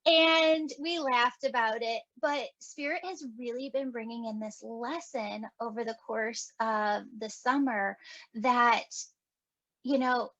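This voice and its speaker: Woman, podcast host, casual storytelling, acts out voices, slightly high voice, dry close sound. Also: slow, dry recording, dull audio. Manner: animated, acts out quoted dialogue with laughs.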